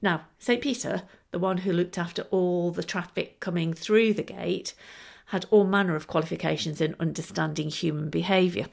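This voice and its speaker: A woman's voice: lowish voice, moderate pace, gravelly. A woman hosting a storytelling podcast, narrating expressively and laughing now and then. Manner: lively, expressive, laughing between lines. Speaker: storyteller and show host.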